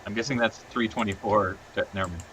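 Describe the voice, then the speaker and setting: A man's voice: on the low side, a little hiss or hum, low-quality recording. A man hosting a casual livestream, chatting and laughing with friends while eating hot sauce on nuggets. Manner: laughing, animated, quick asides. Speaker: stream host.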